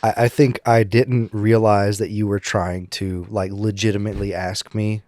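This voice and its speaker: A man's voice: fairly low pitch, flat delivery, normal speed, darkish tone, no echo, studio quality. A man with a Cajun accent, co-hosting a casual chat in a laid-back, stubborn way and laughing often. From Louisiana. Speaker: podcast co-host.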